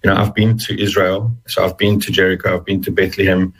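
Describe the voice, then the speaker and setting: A man's voice: deep voice, level tone, quick pace, breathy edge, poor audio. A man telling his personal story as an interview guest, earnest and hesitant, often restarting his sentences. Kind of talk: personal testimony in conversation.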